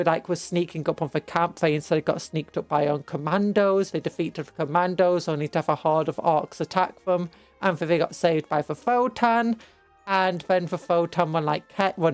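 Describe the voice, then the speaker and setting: A young British woman streaming a game, rambling through an animated story retelling with casual asides. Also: sits low, no echo. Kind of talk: casual chat while playing a game.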